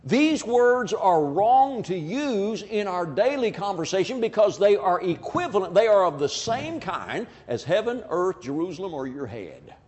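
A man's voice: high-pitched, very animated, measured pace, few pauses, darkish tone. A man preaching a sermon, speaking emphatically and acting out quoted people as he makes his point. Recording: long hall reverb.

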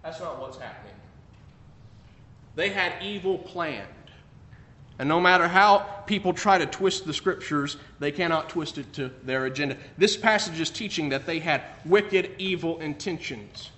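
A man preaching a sermon, emphatic, swinging between loud declarations and quiet asides. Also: moderate pace. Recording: echoey room with faint rumble.

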